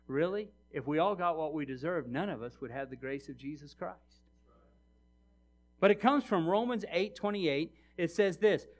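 Middle-aged pastor guy, high voice, preaching, goes quiet then loud, talks right at the congregation. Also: very animated, normal speed. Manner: storytelling, swings from hushed to loud and emphatic; preaches with direct address to the congregation. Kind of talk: sermon.

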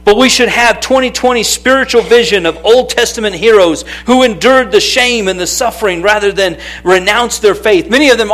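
A man with a fairly high voice delivers a sermon from the pulpit. He preaches in an animated, conversational way, leaning on questions and calling to listeners by name. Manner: animated, calls out to people by name. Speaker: pastor.

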